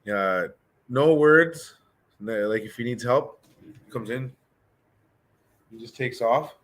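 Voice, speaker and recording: Chatty man teaching a language class. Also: mid-range voice. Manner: relaxed, chatty, thinks aloud with many restarts. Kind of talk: casual online language class.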